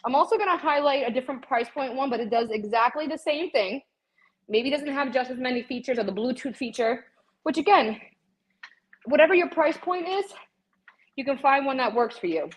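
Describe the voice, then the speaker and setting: A woman's voice: high voice, animated, brisk, low-quality recording. A woman hosting a live shopping stream from her home gym, chatting straight to her viewers and out of breath from a cardio workout. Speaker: livestream host showing fitness products.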